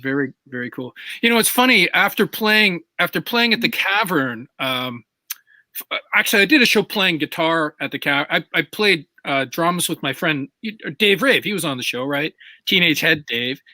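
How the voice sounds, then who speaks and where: A man's voice: fairly high pitch, normal speed, no room sound. A man, a guest drummer, chatting casually and telling stories with eager questions. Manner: animated storytelling, eager questions. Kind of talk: casual chat.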